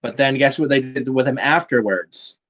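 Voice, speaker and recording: A man's voice: mid-range voice, moderate pace, fairly bright tone. A man hosting a casual wrestling review, blunt and fond of swearing, with "man" tacked onto many lines. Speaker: podcast host.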